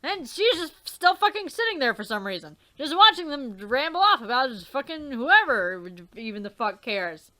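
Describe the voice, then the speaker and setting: A woman's voice: sits high, very animated, moderate pace, few pauses, sharp tone. Swearing, rambling woman playing a game. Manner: rambling, swearing, laughing asides. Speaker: let's player. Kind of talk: casual game commentary.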